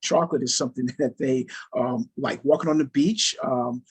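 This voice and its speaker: Husky-voiced man leading a workshop. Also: medium pitch, normal speed. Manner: conversational, repeats phrases for emphasis. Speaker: workshop facilitator. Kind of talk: interactive training talk. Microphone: video call.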